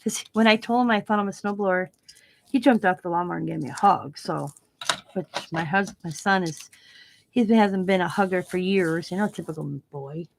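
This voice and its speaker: A woman's voice: lowish voice, normal speed, noisy background. A middle-aged woman chatting casually at her craft desk at home, telling a rambling story and acting out the voices of the people in it. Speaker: craft vlogger. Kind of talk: casual chat while crafting.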